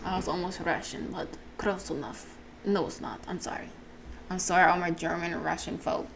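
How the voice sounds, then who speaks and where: A woman's voice: fairly low pitch, steady tone, normal speed, gravelly, background noise. A woman gaming streamer reading a story game aloud, with self-mocking asides.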